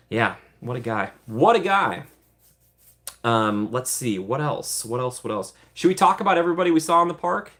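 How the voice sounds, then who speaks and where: A man's voice: mid-range voice, fairly bright tone. A young American man hosting a casual livestream, chatting upbeat with viewers, laughing often and rambling with fillers. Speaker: livestream host.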